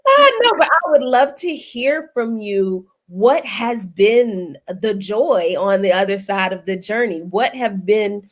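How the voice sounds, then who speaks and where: A woman hosting a casual panel conversation, speaking in a lilt. She tells stories with animation and laughs often. Her voice sits at an ordinary middle pitch. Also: slow pace, hardly any pauses. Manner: animated storyteller, laughs often, folksy phrasing. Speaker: guest host.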